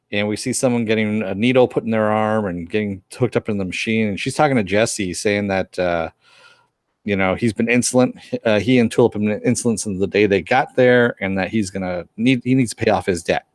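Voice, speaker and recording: A man co-hosting a casual podcast review of a TV episode speaks at a moderate pace in a fairly low voice, recapping scenes and briefly acting out lines. The recording is studio quality and free of echo.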